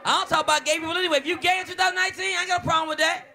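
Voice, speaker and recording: Male stand-up comic, high lively voice, brash and profane, noisy live venue with audience. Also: very fast, some chatter behind. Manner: brash, profane, animated storytelling with playful shouts. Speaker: stand-up comedian. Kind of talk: stand-up routine.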